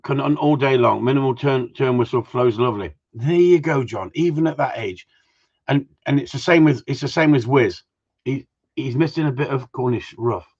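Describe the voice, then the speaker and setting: Husky middle-aged man, outspoken gundog trainer on a lo-fi live stream, rambling and profane. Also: medium pitch, normal speed, darkish tone. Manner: blunt, swears freely, rambling and opinionated. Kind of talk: casual live-stream rant. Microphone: live-stream mic.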